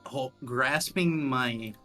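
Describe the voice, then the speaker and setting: A woman playing in a tabletop game, speaking in a halting, earnest way. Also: very deep voice, pushed and bright, soft background music, rough recording. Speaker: player.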